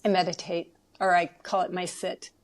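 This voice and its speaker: A woman's voice: lowish voice, level tone, moderate pace. Heartfelt woman telling her story. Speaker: podcast guest. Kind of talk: casual interview chat.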